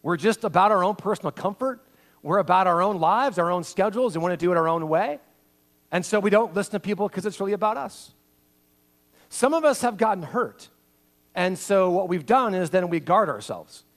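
A male pastor preaching a sermon, swinging between loud, acted-out quotes and hushed, intimate passages. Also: high-pitched, animated, a little fast.

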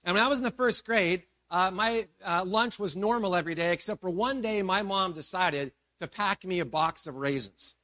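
A man's voice: high-pitched, normal speed, hardly any pauses, bright, forceful tone, no echo. A man in his forties preaching a sermon as pastor, reading scripture and then retelling it in a casual, storytelling way with asides to the congregation. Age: 40s.

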